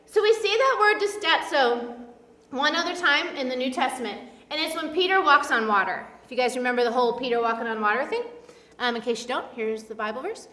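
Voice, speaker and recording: A woman's voice: sits high, animated, fairly quick, bright, forceful tone, echoey room, in a large hall, recorded from a distance. A woman preaching a casual sermon in a chatty, filler-heavy way, acting out the voices she quotes. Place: church.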